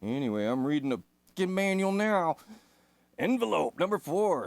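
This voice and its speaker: A man's voice: fairly high pitch, animated, moderate pace, creaky, a little mellow. A man reading a synthesizer manual aloud and breaking off into laid-back, self-deprecating commentary with casual swearing. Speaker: synth hobbyist host.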